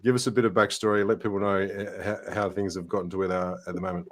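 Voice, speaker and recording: Male host, lowish voice, easygoing live-stream chat. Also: fast talker, slight background noise. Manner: relaxed, friendly, with fillers. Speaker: podcast host.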